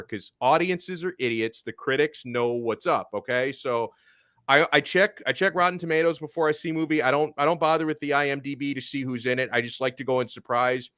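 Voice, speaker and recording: Guy hosting a sports show, kinda high voice, joking around, dry close sound. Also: clear, resonant tone, dry recording. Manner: joking, animated, stumbles over words. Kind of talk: casual chat.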